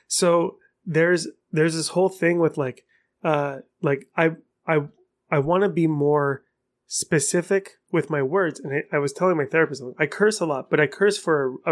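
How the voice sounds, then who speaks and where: A man hosting his own podcast, talking alone in a rambling, frank way and cursing for emphasis. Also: on the high side. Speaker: podcast host. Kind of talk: casual solo podcast monologue.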